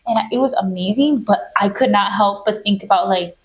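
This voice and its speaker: A woman's voice: medium pitch, moderate pace, poor audio. Young woman co-host, casual and laughing. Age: young adult. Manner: laughs often, says "like" and "bro". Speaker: podcast co-host. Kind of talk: casual chat.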